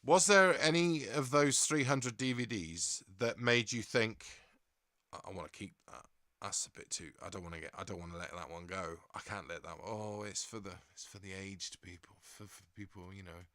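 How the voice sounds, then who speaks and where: A man's voice: on the low side, normal speed, fairly bright tone, no echo. An English man hosting a stream in a casual, rambling way, reading out viewer comments and laughing often. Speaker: livestream host.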